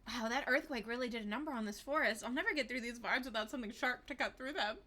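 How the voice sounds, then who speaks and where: A woman's voice: on the high side, fast talker, pushed and bright, slight background noise. A woman reading aloud the lines of an anxious young woman lost in a horror game, in an earnest, uneasy manner. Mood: wry.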